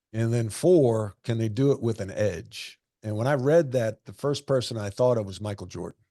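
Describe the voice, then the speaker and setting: Mellow-voiced man in his sixties telling stories. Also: medium pitch, no echo, clean studio sound. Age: 60s. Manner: anecdotal, earnest, repeats himself for emphasis. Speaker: former basketball coach and guest. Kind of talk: storytelling interview answers.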